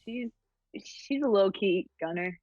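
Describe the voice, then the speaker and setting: A woman's voice: mid-range voice, expressive, a little mellow, dry recording. Laid-back American woman on dull lo-fi audio. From New Jersey, USA. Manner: laid-back, halting, repeats words. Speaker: footballer guest. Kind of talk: casual interview answers.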